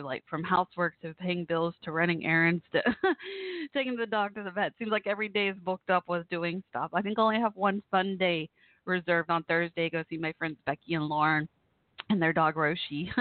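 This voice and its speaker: A woman's voice: lowish voice, no echo. A woman hosting a casual online radio show, her voice weak after the flu, chatting fondly with listeners. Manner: chatty, affectionate, addresses listeners directly. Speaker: internet radio host. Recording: tinny phone-like audio, dry.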